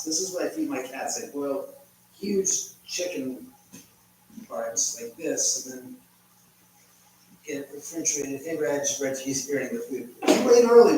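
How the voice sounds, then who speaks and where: A man's voice: on the high side, slight background noise. A man hosting a casual livestream, chatty and rambling as he reads viewer comments while cooking in his home kitchen. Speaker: livestream host. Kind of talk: casual live chat. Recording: echoey room from far off, faint ambience.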